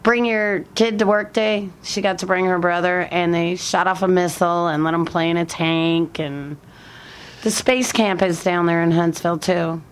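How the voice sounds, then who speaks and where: A woman's voice: lowish voice, steady tone, normal speed, smooth. A middle-aged woman from around Buffalo, with an accent mixing Western New York and Alabama southern, chatting in a casual interview. She is plain-spoken and laughs often. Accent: mixed Western New York and Alabama southern. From Buffalo, New York area. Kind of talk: casual conversation.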